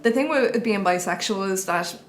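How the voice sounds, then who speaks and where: A woman's voice: medium pitch, moderate pace. A young Irish woman speaking candidly and earnestly about her own life in an interview. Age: young adult. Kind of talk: personal testimony.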